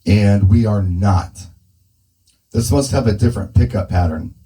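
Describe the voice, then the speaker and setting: On a poor-quality recording, a mobile DJ talks through a handheld dynamic mic and PA speaker indoors, thinking out loud as he fine-tunes the settings. His voice is lowish, unhurried, and mellow, in a casual demo manner.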